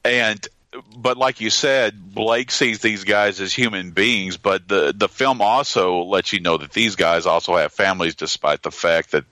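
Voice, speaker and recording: A man with a very deep yet sharp, forceful voice discusses a war film in a relaxed chat. He pauses and restarts his thoughts often, and he is recorded close and dry. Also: no echo. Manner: thoughtful, hesitant with repeated starts. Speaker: film podcast co-host.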